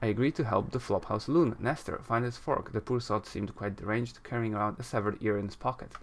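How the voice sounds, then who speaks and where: A man's voice: lowish voice, fairly quick. A man giving casual let's-play commentary, rambling, correcting himself and chuckling at himself as he plays and reads aloud. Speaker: gameplay commentator.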